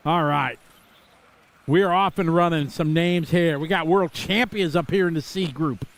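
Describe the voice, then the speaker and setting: A middle-aged man from Wisconsin gives live, chatty commentary on a radio-controlled car race, rambling into asides between calls. His voice is a little high, at a normal speed.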